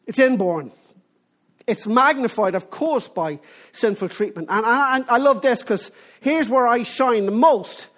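Animated preacher with a lively voice. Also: mid-range voice, a little slow, pauses often. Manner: animated, asks the listeners rhetorical questions. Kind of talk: sermon.

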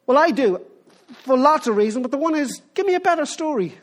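Animated preacher with a lively voice. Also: high voice, a little fast. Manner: animated, asks the listeners rhetorical questions. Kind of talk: sermon.

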